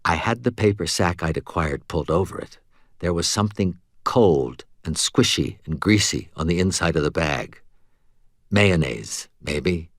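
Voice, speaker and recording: A man's voice: deep voice, expressive, measured pace, no echo, studio quality. A man narrating a novel in first person with wry, conversational storytelling. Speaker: audiobook narrator.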